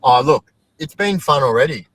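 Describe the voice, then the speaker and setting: A man's voice: mid-range voice, animated, normal speed, fairly bright tone, no echo, low-quality recording. A man with an Australian accent chatting enthusiastically as a guest on a casual livestream, swearing now and then. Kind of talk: casual chat.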